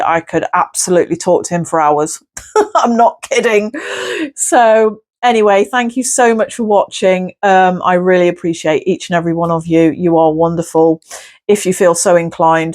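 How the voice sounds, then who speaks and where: A woman's voice: on the low side, normal speed, a little mellow. A woman working as a spirit medium, talking to camera in an effusive, gushing way during a channelling session. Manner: effusive, gushing, repeats "wonderful".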